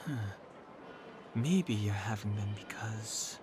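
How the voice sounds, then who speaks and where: Calm reflective game companion. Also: male voice, on the low side, over music. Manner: measured, reflective.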